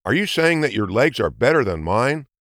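A man's voice: medium pitch, sing-song, moderate pace, fairly bright tone, no room sound, clean studio sound. A man voicing a polite, earnest male hedgehog in a storybook reading. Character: polite short-legged male hedgehog, clever. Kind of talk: storybook narration.

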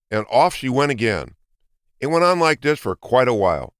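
A man narrating a children's storybook in an expressive, lilting way. His mid-pitched voice moves a lot, and the recording is close and dry with no room sound. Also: normal speed, clear, resonant tone, dry recording.

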